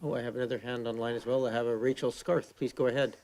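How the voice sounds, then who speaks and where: A man chairing a council meeting, calling on speakers and moving motions briskly. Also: medium pitch, steady tone, a little mellow, a little hiss or hum. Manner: brisk procedural.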